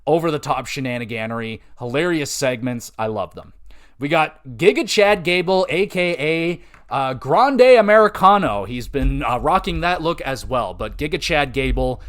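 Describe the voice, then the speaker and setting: A young man hosting a casual wrestling podcast, excitable and profane, rambling with lots of filler. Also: mid-range voice, normal speed. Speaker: podcast host.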